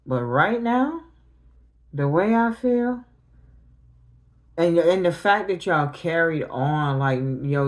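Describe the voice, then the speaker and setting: A woman's voice: on the low side, lively intonation, takes it slowly, pauses often. A middle-aged woman tarot reader talking on a livestream, grieving and confronting her family directly in casual, emotional speech.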